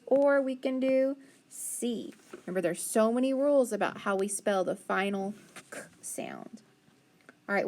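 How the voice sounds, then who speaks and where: A woman teacher leading a phonics lesson for young children, sounding out syllables slowly and praising answers with patient encouragement. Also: mid-range voice, a little mellow.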